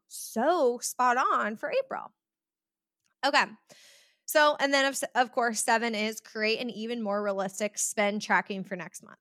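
A woman's voice: mid-range voice, fairly bright tone, no room sound, clean studio sound. A woman hosting a podcast in a chatty way, often acting out the voices of people she quotes. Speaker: podcast host. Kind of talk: casual podcast talk.

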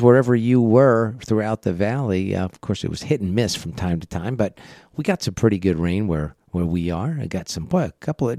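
A man hosting a casual financial radio show, congested from a head cold, talking in a flat, monotone way with many fillers and rambling asides. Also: deep voice, gravelly, no room sound, clean studio sound. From eastern United States.

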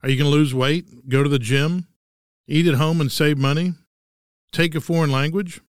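Texan man in his sixties, smooth voice. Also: a little high, steady tone, normal speed, no room sound. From Texas. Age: 60s. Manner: dry wry humor. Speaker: host. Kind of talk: scripted monologue.

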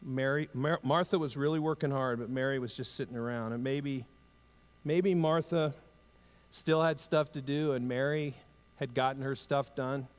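A male pastor preaching a sermon in a conversational way, lifting his voice for emphasis and dropping it low and soft for tender asides. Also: fairly even intonation, moderate pace. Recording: long hall reverb.

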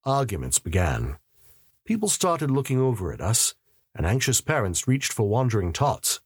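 A man's voice: medium pitch, sing-song, moderate pace, husky, no echo, clean studio sound. A man narrating a story in the first person with a wry, sardonic manner.

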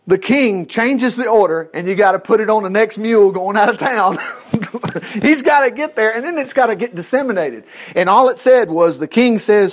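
Brief: animated Bible teacher, high-pitched man with a lively, swooping voice. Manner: animated, chuckling, chatty asides.

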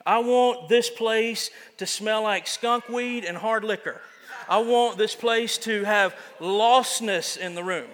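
A man's voice: sits high, slow, fairly bright tone, big-room sound. A man preaching a sermon as pastor, casual and self-deprecating, often restarting his sentences.

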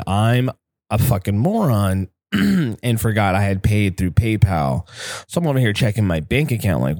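A man's voice: on the low side, a little mellow, no echo, clean studio sound. A young man hosting a solo podcast from his apartment window, rambling and self-deprecating with frequent swearing. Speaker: podcast host. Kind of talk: casual solo podcast monologue. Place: apartment by a window, downtown building. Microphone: studio microphone.

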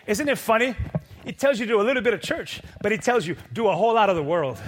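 A man preaching a sermon to a congregation, building from quiet, low lines to loud, shouted peaks with rhythmic repetition. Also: lively intonation, fast, slight background noise. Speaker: pastor. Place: church.

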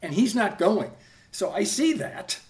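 A man's voice: sits high, very animated, a little slow, darkish tone. A man in his sixties, a TV producer guesting on a podcast, telling a rambling story full of restarts and swearing. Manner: rambling, self-correcting, swears freely. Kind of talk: casual anecdotal storytelling.

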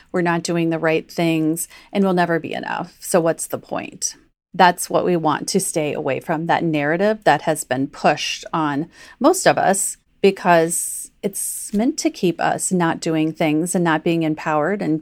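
A woman health coach with a lowish voice chats through a podcast, peppering her talk with "like" and acting out little inner voices. The sound is dry and close, with no room around it. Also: a little mellow, dry recording. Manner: chatty, frequent "like", acts out inner voices. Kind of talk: conversational podcast teaching.

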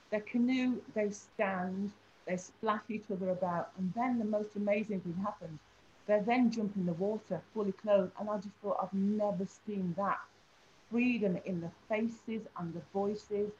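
A woman tells a story from her teaching work, full of life and acting out each person she describes. Her voice sits at a middle pitch. The recording is a little dull, with a faint hum behind her. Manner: animated storytelling, acts out the people she describes. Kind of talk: anecdote in an interview.

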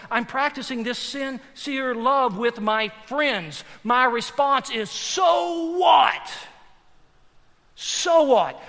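A male pastor, preaching a sermon that moves between quiet, slow lines and loud, emphatic shouts. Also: very high voice. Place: large church hall. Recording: long hall reverb.

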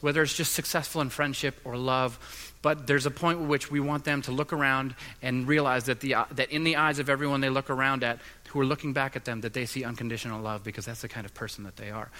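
A man's voice: mid-range voice, pushed and bright. A man preaching a sermon as pastor, with an earnest delivery that builds in intensity. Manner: earnest and building, with mimicked voices.

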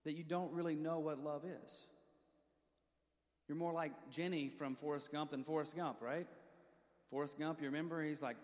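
A man preaching a sermon who leads the congregation in call-and-response, tells stories from his own life, and slows down to read scripture. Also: a little high, darkish tone. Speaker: pastor. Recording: long reverb of a church hall.

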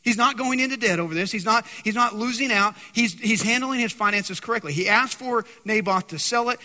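A man preaching to his congregation with a high, bright, forceful voice, constantly quizzing the listeners. His sermon rings through a church sanctuary with a long reverb tail. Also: fairly quick, hardly any pauses. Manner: animated, keeps quizzing the congregation. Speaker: pastor.

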